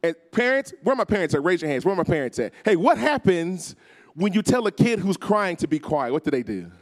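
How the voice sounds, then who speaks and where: Animated male guest preacher. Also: high-pitched, a little fast. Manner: animated, acts out voices, calls on the crowd. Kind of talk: storytelling sermon.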